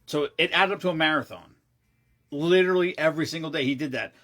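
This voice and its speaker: A man vlogging, telling a long rambling story in a casual, excitable way, swearing freely and often restarting his sentences. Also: on the high side, quick pace.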